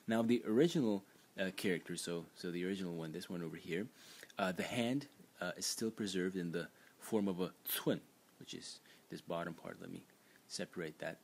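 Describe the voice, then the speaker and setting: A man's voice: deep voice, fairly quick, gravelly, a little hiss or hum. A man teaching a lesson in an unscripted, explanatory way, with frequent fillers and restarts as he points things out on screen. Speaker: language teacher. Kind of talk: screen-recorded lesson narration.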